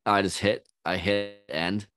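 A man's voice: lowish voice, unhurried. A man co-hosting a podcast, chatting casually and swearing freely as he tells stories. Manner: swears freely, animated storytelling. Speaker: podcast co-host. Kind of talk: casual chat.

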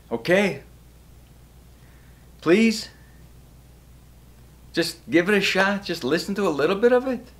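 Pleading, emotional man talking to camera. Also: fairly high pitch. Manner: emotional, pleading, yells now and then. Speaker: vlogger promoting his podcast. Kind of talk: casual direct-to-camera vlog. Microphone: camera facing him.

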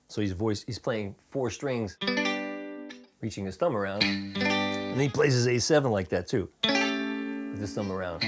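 A man teaching a rock guitar lesson in a relaxed, chatty way, with fillers and restarts, playing along on guitar. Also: on the low side.

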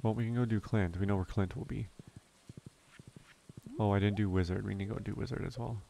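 Low-voiced man thinking aloud over gameplay. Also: fairly even intonation, fairly quick, vocal fry, dark tone, a little hiss or hum. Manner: thinks aloud, self-correcting. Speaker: let's play host. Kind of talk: relaxed gameplay commentary. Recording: faint game music behind.

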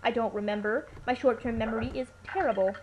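A woman's voice: on the high side, fast talker, dull audio. Playful woman with a noisy mic. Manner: playful, chatty, joking asides. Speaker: let's play commentator. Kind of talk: casual gameplay commentary. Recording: noisy home recording with hiss.

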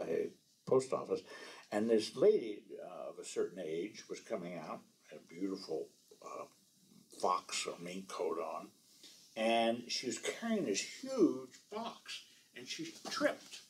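A man's voice: deep voice, very animated, unhurried, darkish tone, rough recording. A man from the American South, an author giving a library talk, telling self-deprecating anecdotes and slipping in French phrases. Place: library event room.

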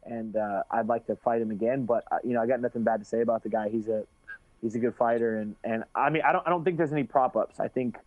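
A man's voice: medium pitch, quick pace, no echo. A man being interviewed as a fighter, talking in a rambling, casual way with many restarts and easy swearing. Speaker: guest fighter. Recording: tinny phone-like dry sound.

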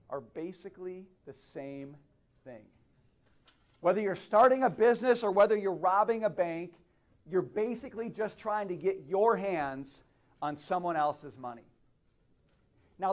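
Animated, high-pitched male speaker. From Minnesota. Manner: animated storyteller, dramatic pauses. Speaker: speaker at a conference. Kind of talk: conference speech. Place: stage at a live event.

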